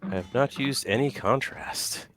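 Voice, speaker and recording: A man's voice: medium pitch, a little slow, fairly bright tone. A man in his forties co-hosting a casual live stream, playful and groaning through jokes. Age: 40s. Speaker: co-host.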